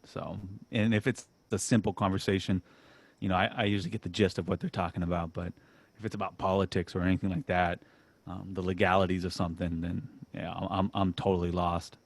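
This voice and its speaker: A man hosting a casual podcast chat, relaxed and self-deprecating, laughing often and restarting his sentences. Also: sits low, brisk. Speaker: podcast host.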